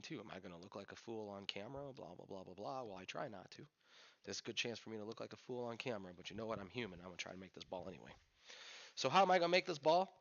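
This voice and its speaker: A man's voice: mid-range voice, gravelly, fairly bright tone. A man teaching pool as he plays, thinking aloud in a candid coaching manner. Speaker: pool instructor. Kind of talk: instructional commentary while playing. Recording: lo-fi dull sound.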